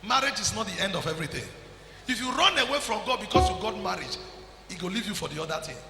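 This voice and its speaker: High, bright-voiced Nigerian preacher in a hall. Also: male voice, expressive, fast, over loud music. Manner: exhorting, calls people forward, shouts at peaks. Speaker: pastor. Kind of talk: sermon.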